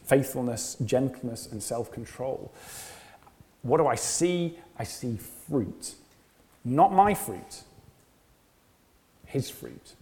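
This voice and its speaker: A man's voice: medium pitch, warm tone, long reverb tail. A man preaching a sermon, earnest, often repeating phrases and asking rhetorical questions.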